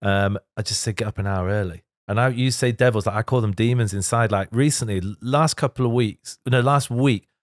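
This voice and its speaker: Middle-aged man, podcast guest, low-ish voice, heartfelt and chatty, dry studio sound. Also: fairly quick, few pauses, dry recording. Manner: candid, laughs often, tearful at times. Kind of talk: emotional casual chat. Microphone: studio microphone.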